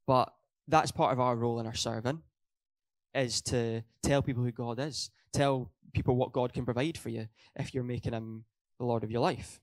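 A man's voice: medium pitch, fairly even intonation, normal speed. A young man preaching a sermon in a church hall, earnest, hammering his points home by repeating them and correcting his own slips.

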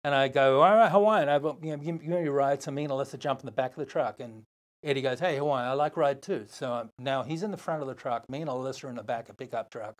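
An older man with an Australian accent, a podcast guest telling a long story in a lively, casual way, acting out other people's lines. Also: medium pitch, fast. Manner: animated, swearing, acts out other voices.

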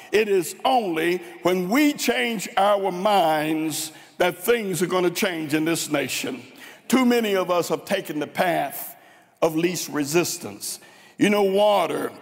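A man from Tennessee with a Southern accent, preaching a fervent sermon with drawn-out, dramatic emphasis in a large church. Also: high-pitched, creaky. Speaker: guest preacher. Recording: long reverb in a large church.

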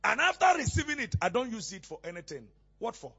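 A male pastor preaching a sermon, asking questions and having the congregation call back the missing words, often rising to shouts. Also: high voice, big pitch swings, fast, vocal fry, husky, muffled recording.

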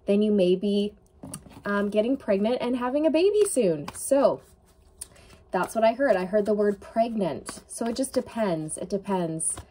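A woman's voice: mid-range voice, expressive, unhurried, dark tone, slight background noise. Earnest, emotional woman tarot reader. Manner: earnest, emotional, many fillers. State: tearful at times. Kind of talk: intuitive tarot reading to camera.

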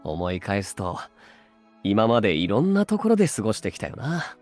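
Luke, a gently teasing boyfriend. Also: male voice, fairly low pitch, wildly swooping pitch, very fast, soft background music. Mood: tender. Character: easygoing, protective young man, gently teasing boyfriend. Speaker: game character voice. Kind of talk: Japanese dub game dialogue.

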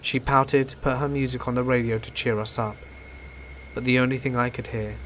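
Calm man narrating over soft rain. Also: medium pitch, normal speed. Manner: calm, steady storytelling. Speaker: horror story narrator. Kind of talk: scripted narration. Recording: faint rain noise behind voice. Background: rain and thunder ambience.

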